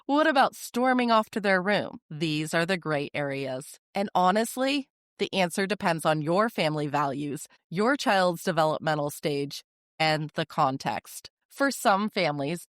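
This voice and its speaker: A woman hosting a parenting podcast, giving advice in a calm, firm, direct manner with short, deliberate sentences. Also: fairly low pitch, no echo, studio quality. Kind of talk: scripted advice monologue.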